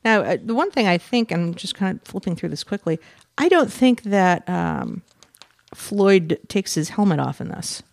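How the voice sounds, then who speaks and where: A man co-hosting a casual comic book podcast, curious and quick with asides. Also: sits high, very animated, creaky, dry recording, studio quality. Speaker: podcast co-host.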